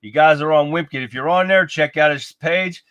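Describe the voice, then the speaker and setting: A man's voice: fairly high pitch, moderate pace, fairly bright tone, clear, resonant tone, dull audio. A man in his fifties hosting a live-stream podcast, chatting casually and greeting viewers one by one. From United States. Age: 50s. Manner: upbeat, chatty, calls out to viewers. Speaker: livestream podcast host.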